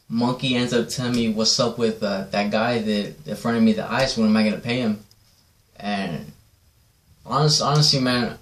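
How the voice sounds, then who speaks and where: A man casually telling a rambling personal story, swearing often and checking in with "right?". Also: lowish voice. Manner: profane, rambling, repeats "right?". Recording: echoey room.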